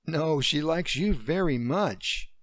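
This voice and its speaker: A weary father speaks softly to comfort his child, as a man reads his part. The voice is gravelly and slow, with lively pitch movement. The sound is close and dry. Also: dry recording, full character voice. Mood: tender. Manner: soft and reassuring. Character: gentle, weary widowed father.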